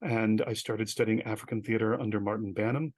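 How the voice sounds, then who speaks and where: A middle-aged man tells his stories at a quick clip, recorded close on a dry mic with no room sound. He stays self-deprecating and acts out other people's lines with sudden bursts of energy. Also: on the low side, steady tone, darkish tone, dry recording. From United States. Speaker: guest, professor and theater artist. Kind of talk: conversational storytelling in an interview.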